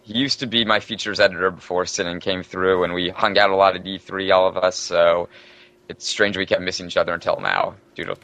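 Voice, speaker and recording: Deep-voiced man, chatty games journalist. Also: flat delivery, a little fast, a bit bright, dry recording, dull audio. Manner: chatty, rambling storytelling. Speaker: podcast guest, games journalist. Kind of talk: casual podcast chat.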